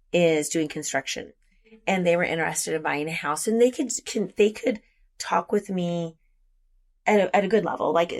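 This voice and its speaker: Chatty low woman with a gravelly edge. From United States. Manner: chatty, quick asides, storytelling. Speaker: realtor guest. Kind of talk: casual podcast conversation.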